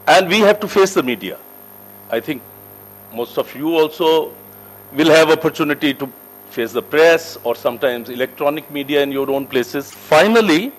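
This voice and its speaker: Lively lecturer, higher voice. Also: male voice, low-quality recording. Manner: emphatic, lively teacher with wide shifts in pitch and loudness; asks the class questions and answers them himself. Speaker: corporate soft skills trainer. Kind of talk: classroom lecture. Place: training room with a group.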